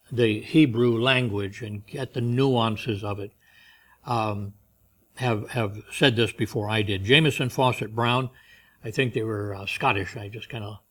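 A man preaching a sermon in a conversational way, moving between loud, emphatic reading and quiet asides. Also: mid-range voice. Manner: reads scripture and commentaries aloud with rising emphasis. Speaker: pastor.

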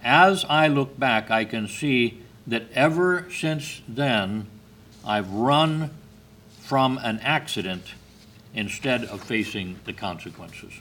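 A man giving a sermon, telling stories in a slow, measured way with brief hesitations. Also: mid-range voice, expressive, a bit bright, slight background noise. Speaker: preacher.

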